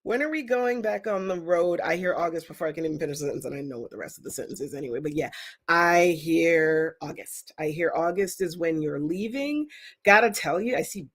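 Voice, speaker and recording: A woman's voice: lowish voice, a little fast. Chatty woman doing psychic readings. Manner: chatty, emphatic, animated outbursts. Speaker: psychic reader. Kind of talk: live-stream psychic readings.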